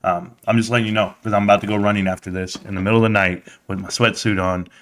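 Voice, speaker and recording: A man's voice: fairly low pitch, little pitch movement, quick pace, a bit bright. A middle-aged man from the United States hosting a live stream, talking straight to his chat in a rambling, casual rant with frequent restarts.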